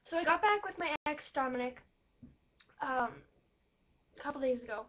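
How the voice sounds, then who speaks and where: Young female vlogger, high pitched, emotional rambling confessional, dull low-fi recording. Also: animated, moderate pace, pauses often. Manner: emotional, rambling storytelling with many fillers. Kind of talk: personal vlog talking to camera. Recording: dull lo-fi webcam audio.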